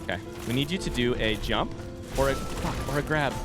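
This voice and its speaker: A man streams a game live, talking to himself and his chat and yelping or shouting excitably at near misses. His mid-range voice moves fairly quickly over clear background music.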